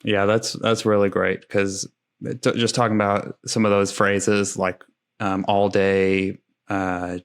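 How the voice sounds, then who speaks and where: Man, podcast host, hesitant thoughtful talker, gravelly low voice. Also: little pitch movement, slow. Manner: thoughtful, hesitant, many fillers. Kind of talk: conversational podcast interview.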